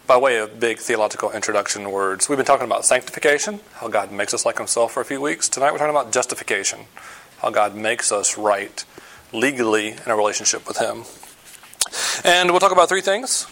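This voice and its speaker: A man preaching a sermon in a conversational, explanatory way, often pausing with fillers and stressing key points. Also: mid-range voice, lively intonation, fairly bright tone. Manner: emphatic, explaining scripture. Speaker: pastor.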